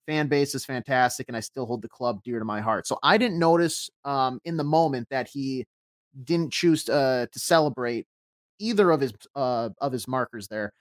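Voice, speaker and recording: A man hosting a soccer podcast, recapping the match step by step in a measured, casual way with frequent fillers. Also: medium pitch, dry recording.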